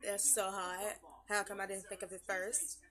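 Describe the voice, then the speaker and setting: A young woman vlogger, chatty and rambling, swearing freely as she gives shout-outs and walks through her everyday makeup routine at home. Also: medium pitch, fairly even intonation, moderate pace. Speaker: beauty vlogger. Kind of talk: casual makeup tutorial. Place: at home after work.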